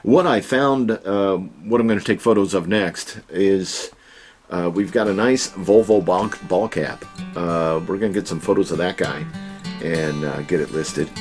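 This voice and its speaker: A man's voice: low-pitched, measured pace, darkish tone, faint music behind. A man hosting a casual home vlog, chatting in a folksy way with joking asides from his storage room. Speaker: online reseller and channel host.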